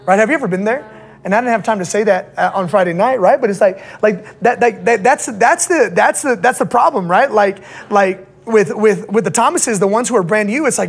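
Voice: mid-range voice, brisk, slightly rough. A pastor preaching to young people in a casual, slangy way, checking in with the audience again and again.

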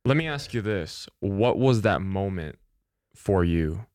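A man's voice: sits low, lively intonation, measured pace, a little mellow. A man co-hosting a casual chat, talking earnestly and calling his guest bro.

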